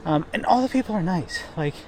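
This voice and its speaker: Brisk and lively in intonation, a young man with a high voice records his thru-hiking diary outdoors by a river near a town, with slight background noise. It's casual and rambling, self-deprecating, heavy on swearing and fillers.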